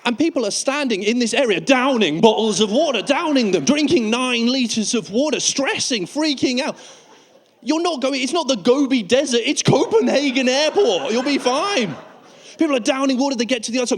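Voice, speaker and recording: A British man performs stand-up comedy on stage, his voice sitting high and bright. He is animated, tips into squeaky mock panic as he acts out scenes, then drops back to a plain telling tone. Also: normal speed. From United Kingdom. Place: comedy stage before a live audience.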